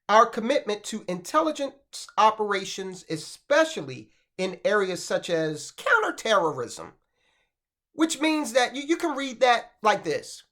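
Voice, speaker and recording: A man's voice: high voice, sharp tone. A man hosting a finance commentary show, talking in a sardonic, rhetorical way and often tagging his points with "okay?". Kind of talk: opinionated commentary.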